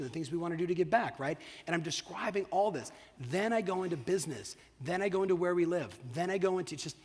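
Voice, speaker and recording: A middle-aged man giving an energetic, profane motivational keynote on stage, often checking in with the audience. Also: a little high, husky. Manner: energetic, profane, asks the crowd "you with me?". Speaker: keynote speaker. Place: large hall on stage. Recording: long hall reverb.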